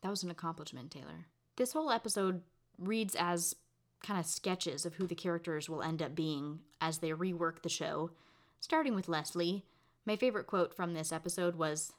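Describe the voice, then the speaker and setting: Woman, podcast co-host, upbeat, giggly, slightly low voice. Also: normal speed. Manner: upbeat, giggly, leads segments. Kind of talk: casual chat.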